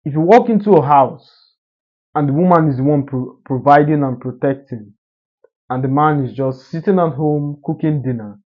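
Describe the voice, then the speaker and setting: A man giving an assertive, emphatic motivational monologue in a lecturing manner. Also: mid-range voice. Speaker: social media commentator. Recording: dull lo-fi recording.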